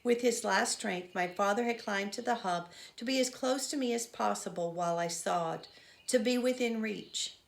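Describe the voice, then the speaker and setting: Woman doing an old village man, earnest, mournful, mid-pitched, storybook reading. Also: normal speed, vocal fry, natural voice. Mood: intent. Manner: earnest storytelling, rising to loud cries. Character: old village man, grief-struck, recounting childhood. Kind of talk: children's novel read aloud.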